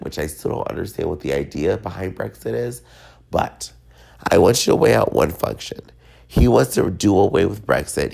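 Podcast host, male, very low gravelly voice, stuffed-up and tipsy, rambling solo rant. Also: a little mellow. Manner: rambling, loose and meandering. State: congested, sick; drunk.

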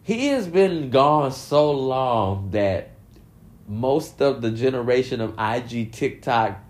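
A man's voice: mid-range voice, takes it slowly. A man giving casual commentary, swearing freely and breaking into laughter often as he talks. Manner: laughs often, profane, animated. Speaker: commentary vlogger.

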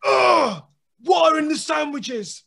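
A man putting on a wound-up, furious man who yells in a high voice. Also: very animated, slow pace, vocal fry, heavily acted. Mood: outraged shouting. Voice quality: high yelling, near shrieks. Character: wound-up furious man, ranting about lunch.

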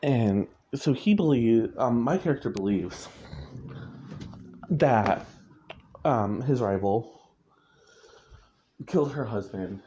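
A man's voice: medium pitch, expressive, slow, pauses often, warm tone, a little hiss or hum. A man, an author, talking casually about his writing in a rambling way, correcting himself and chuckling often. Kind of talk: casual chat. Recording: muffled lo-fi recording.

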